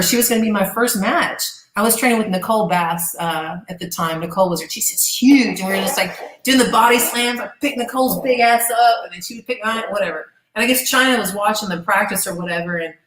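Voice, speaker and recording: A middle-aged woman, an interview guest, telling casual stories in a lively, profane way and acting out what people said. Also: mid-range voice. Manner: animated, profane storyteller who acts out quoted voices. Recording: echoey room.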